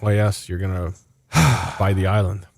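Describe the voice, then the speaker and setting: A man's voice: low voice, unhurried, creaky, no echo. A man co-hosting a casual podcast, teasing his friends and laughing often. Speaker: podcast co-host. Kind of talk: casual chat.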